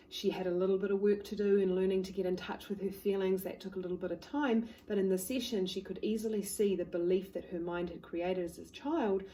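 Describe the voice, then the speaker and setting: A woman hypnotherapist, calmly telling a client's story to the camera. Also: on the low side, rough recording. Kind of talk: talking to camera, case story.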